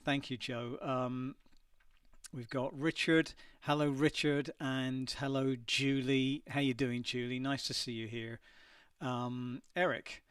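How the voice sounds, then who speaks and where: A man's voice: mid-range voice, flat delivery, slow, clear, resonant tone, dry recording, far from the mic. Chatty man a little off-mic in a dry studio. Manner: chatty, hesitant, many ums. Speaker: singer hosting a live stream. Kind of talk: casual livestream chat reading viewer messages. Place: his home studio.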